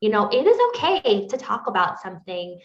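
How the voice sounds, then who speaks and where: A woman's voice: medium pitch, sing-song, brisk. Woman co-host, rambling chat, roomy dull recording. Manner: rambling, full of "like" fillers. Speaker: podcast co-host. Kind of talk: casual book review chat.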